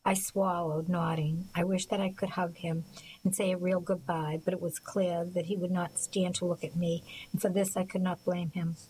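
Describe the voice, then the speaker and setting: A woman narrating a first-person audiobook in a soft, measured, reflective way. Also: on the low side, little pitch movement, a little hiss or hum, rough recording.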